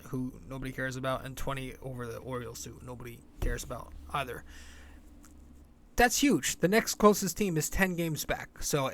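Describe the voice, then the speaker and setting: A man's voice: on the high side, fairly bright tone. Blunt rambling male sports podcaster. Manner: rambling, blunt, swears freely. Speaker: podcast host. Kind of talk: casual sports podcast talk.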